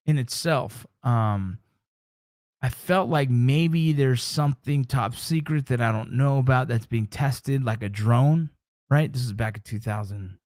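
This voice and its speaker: A middle-aged man hosting his show, telling a story in a casual, animated way, swearing often and acting out his own reactions. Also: medium pitch, no room sound, clean studio sound. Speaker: show host.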